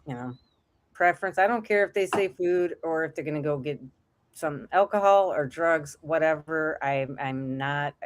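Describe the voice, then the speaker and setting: A woman's voice: low voice, normal speed, slight background noise. A middle-aged woman co-hosting a casual chat show, telling stories and laughing often. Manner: chatty storyteller who laughs often. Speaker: co-host.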